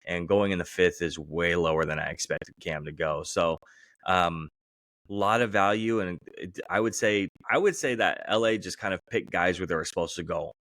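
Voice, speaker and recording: A man co-hosting a podcast, talking casually about football picks in a relaxed way. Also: deep voice, normal speed, no echo, clean studio sound. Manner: relaxed, acts out quoted voices with laughter. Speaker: podcast co-host. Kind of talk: casual sports chat.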